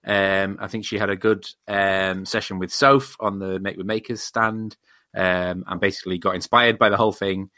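A man chatting on a podcast in a dry, teasing way, often pausing on ums. His voice sits a little low but has a bright, forward tone. The sound is close and dry. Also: no room sound. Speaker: podcast co-host. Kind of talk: casual chat.

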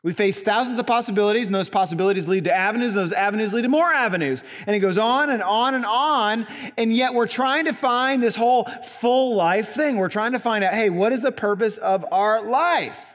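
High-voiced pastor in a reverberant church. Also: male voice, a bit bright. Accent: Southern Indiana. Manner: emphatic, stresses single words with long pauses. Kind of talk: sermon. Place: church sanctuary.

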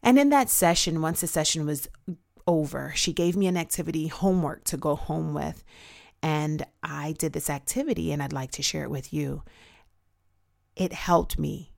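A woman giving an earnest, reflective personal testimony, speaking slowly and deliberately. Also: low-pitched, gravelly, a little mellow. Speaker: speaker sharing her story.

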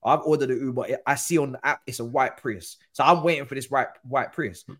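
A man telling an animated story in casual chat, acting out other people's voices. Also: medium pitch, a little fast. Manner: animated, acts out quoted voices. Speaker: guest football pundit.

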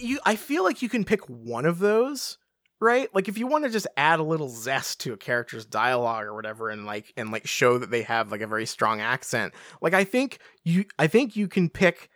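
A podcast co-host in casual book-discussion chat, rambling and animated, full of fillers. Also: medium pitch, normal speed, dry recording, studio quality. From England.

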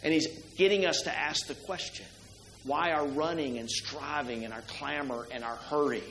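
A middle-aged pastor delivers a sermon in a relaxed, conversational manner, frequently posing rhetorical questions to the congregation. His slightly high, fairly bright voice moves at normal speed and echoes through a spacious sanctuary over a faint hum.

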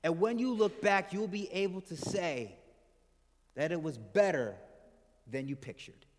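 Male pastor, high-ish voice, conversational sermon delivery with soft trailing endings, reverberant sanctuary. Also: animated, a little slow. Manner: conversational, asks the congregation questions; drops to a soft low voice at the end of phrases. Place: church hall with congregation. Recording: hall reverb from the room.

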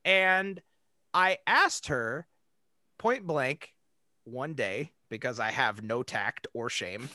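A man telling a story in casual chat, animated and laughing through his own telling. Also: medium pitch, slow pace, dry recording, clean studio sound.

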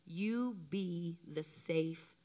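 A middle-aged woman co-preaching a sermon in an animated, emotional way, often acting out the lines she quotes. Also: on the low side, drawn-out words. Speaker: co-pastor.

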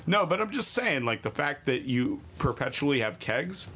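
A man's voice: medium pitch, sing-song, moderate pace, sharp tone, a little hiss or hum. A man co-hosting a casual podcast, chiming in with jokes and remarks. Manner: joking interjections. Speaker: podcast co-host. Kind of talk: casual chat.

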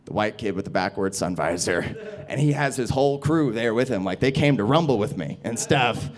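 A young adult man, a stand-up comedian, telling a story in an interview, profane and animated, acting out other people's voices. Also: lowish voice, a little fast.

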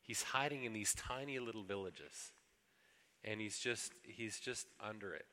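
Man giving an earnest sermon, bright edgy voice, echoes around a big hall. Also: lowish voice, unhurried. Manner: earnest, acts out pleas to God in a raised voice. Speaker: pastor.

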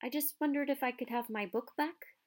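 A woman's voice: high-pitched, fairly quick, voice pushed up, lightly acted. A woman voicing an earnest, nervous young schoolboy in a storybook reading. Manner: earnest, urgent.

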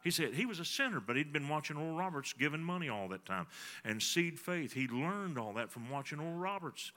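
Bright-voiced preacher telling a story. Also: male voice, fairly high pitch, lively intonation, brisk. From Texas. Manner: folksy storytelling, talks to the congregation. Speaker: pastor. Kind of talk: sermon.

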